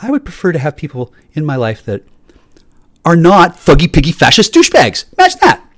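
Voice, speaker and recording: A man's voice: on the high side, expressive, fairly quick, no room sound. A man delivering an angry, profane solo rant, stammering through restarts as he jabs at his listeners.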